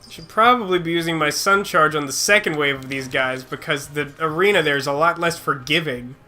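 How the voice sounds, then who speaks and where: A man's voice: fairly high pitch, fairly quick, bright, forceful tone, soft background music. A chatty young man, a little sick, rambling through casual gameplay commentary and reacting to the game. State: slightly sick. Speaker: let's play host.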